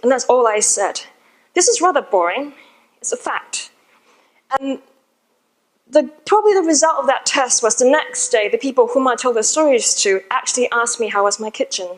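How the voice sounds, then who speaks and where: High-voiced woman telling a story on stage. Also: rough recording. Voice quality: conversational, chatty and informal. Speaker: conference speaker. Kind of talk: storytelling talk to a live audience. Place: in front of a seated audience.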